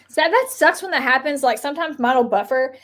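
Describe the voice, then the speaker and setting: A woman's voice: sits high, normal speed, a bit bright. A woman from Kentucky co-hosting a live stream, chatting casually in a rambling way with lots of filler words.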